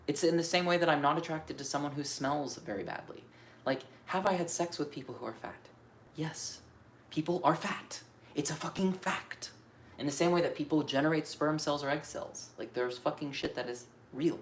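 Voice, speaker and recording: A man's voice: a little high, brisk, slight background noise. A man recording an unscripted astrology vlog, venting his frustrations frankly and profanely and rambling as he questions himself. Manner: restless, self-questioning rambling.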